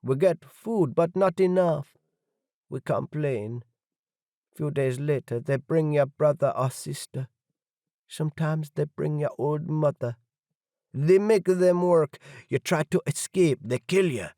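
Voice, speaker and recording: A man's voice: on the high side, slow pace, warm tone, dry recording, studio quality, pitched above the performer's own voice. A man voicing a desperate woman factory worker who speaks broken English in a heavy accent. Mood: pleading, indignant.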